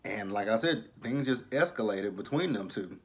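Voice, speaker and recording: A man's voice: on the low side, animated, normal speed. A man giving casual, blunt, profane commentary on a reality TV episode. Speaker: reality TV reviewer.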